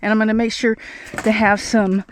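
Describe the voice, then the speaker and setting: A homesteader vlogger, out of breath, casually narrates as she feeds animals on her snowy farm, captured on a tripod camera. She speaks at a moderate pace in a medium-pitched voice with little pitch movement, over slight background noise, chatting, talking to her animals, and thinking aloud.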